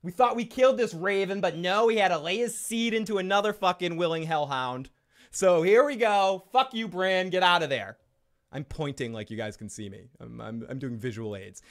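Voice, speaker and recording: A man's voice: sits high, expressive, a little fast. Profane, laughing male video host. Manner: profane, jokey, laughs often. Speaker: YouTube show host. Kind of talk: casual reaction commentary.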